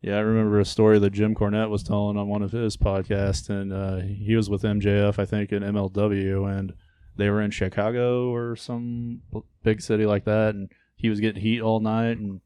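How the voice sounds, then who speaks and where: Man, mellow lowish voice, flat delivery, matter-of-fact, casual podcast. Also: normal speed, smooth, no echo. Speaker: podcast co-host. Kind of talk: casual wrestling chat.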